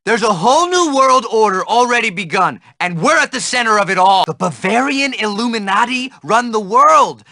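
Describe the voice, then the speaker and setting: A man playing a gruff paranoid shop worker. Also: very high voice, bright, forceful tone, dry recording, heavily acted. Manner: gruff, cursing, conspiracy rants. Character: grumpy paranoid male school shop worker. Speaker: video game character.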